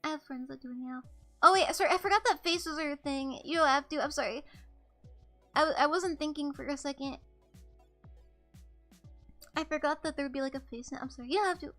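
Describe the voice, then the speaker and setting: A woman's voice: high-pitched, fairly quick, long pauses, sharp tone, soft background music. A young woman streaming, chatting casually with her viewers in a rambling, giggly way and apologizing often. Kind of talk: casual live-stream chat.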